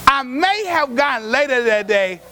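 A pastor preaching a sermon, telling stories from his own life in a folksy, colloquial way, acting out what people said and rising to shouts. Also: very high voice, sing-song, moderate pace, a little hiss or hum. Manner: storytelling preacher, acts out quotes, rises to shouts.

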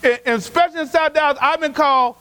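A pastor preaching a sermon, telling stories from his own life in a folksy, colloquial way, acting out what people said and rising to shouts. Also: very high voice, fast talker, a little hiss or hum. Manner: storytelling preacher, acts out quotes, rises to shouts.

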